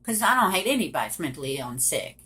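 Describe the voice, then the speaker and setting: A woman's voice: deep voice, sing-song, fast talker, pushed and bright. A middle-aged woman telling a personal story straight to the viewers, emphatic and direct. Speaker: survivor telling her story.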